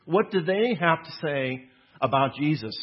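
Husky-voiced man preaching a sermon. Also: fairly high pitch, animated. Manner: earnest teaching, slows for emphasis on quotes. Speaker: pastor. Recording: dull lo-fi sound.

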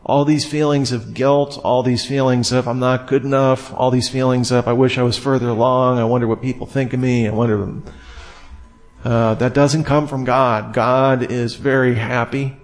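A man preaching a sermon in a relaxed, conversational way, full of everyday fillers and asides. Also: mid-range voice, normal speed, faint music behind.

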